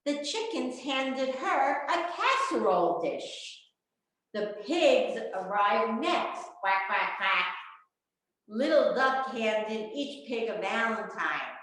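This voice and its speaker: A woman reads a children's storybook aloud at a slow, unhurried pace. Her pitch swings widely as she animates the tale. The sound comes through a video call, with a strong echo from the room. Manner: animated, expressive storybook reading. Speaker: children's librarian.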